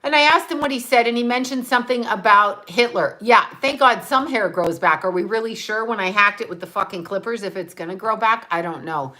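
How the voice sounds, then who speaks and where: A woman's voice: medium pitch, a little fast, hardly any pauses, sharp tone. A woman talking casually on a livestream, chatting, swearing freely and thanking viewers by name as she reads their comments. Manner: laughs often while talking. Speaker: livestream host.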